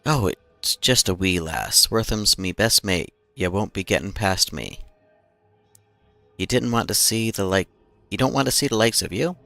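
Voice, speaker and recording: A man voicing a huge, gruff Irish-sounding guard with a rough, threatening brogue. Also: on the low side, moderate pace, sharp tone, no room sound, faint music behind. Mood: menacing.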